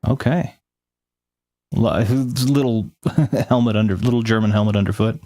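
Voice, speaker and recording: A man with a lowish, warm voice speaks at a moderate pace, with no room sound. He talks through a game on a live stream, reading text aloud between chats with viewers, and often loses his thread, restarting sentences and correcting himself partway through.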